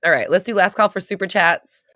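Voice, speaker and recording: Low-voiced chatty woman streamer. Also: a little fast, fairly bright tone, dry recording, studio quality. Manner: chatty, laughs often, reads viewer comments aloud. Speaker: livestream host. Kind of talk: casual live stream chat.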